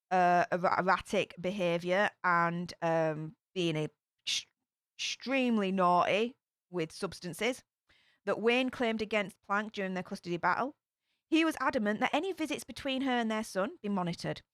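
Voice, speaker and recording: A woman's voice: medium pitch, fairly bright tone, no echo. Woman, casual true crime commentary, chatty, speculative, dry close sound. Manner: chatty, speculative, with filler-heavy asides. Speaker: true crime channel host.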